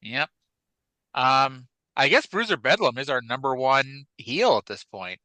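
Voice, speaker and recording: A man's voice: mid-range voice, lively intonation, unhurried, pushed and bright, no room sound, poor audio. A man co-hosting a wrestling podcast in a casual, rambling chat. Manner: chatty, rambling, with fillers. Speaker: podcast co-host.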